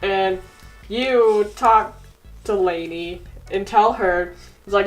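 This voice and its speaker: A woman tells a goofy story in a casual, giggly way, teasing her friend as she goes. She talks at an unhurried pace with a middle-range voice. Faint music plays underneath. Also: medium pitch, rough recording. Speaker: co-host telling a drawn story. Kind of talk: casual storytelling while drawing.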